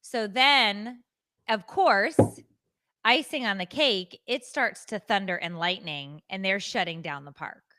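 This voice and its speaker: A woman co-hosting a podcast, retelling a story in a casual, animated, self-mocking way. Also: medium pitch, slow pace. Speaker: podcast co-host.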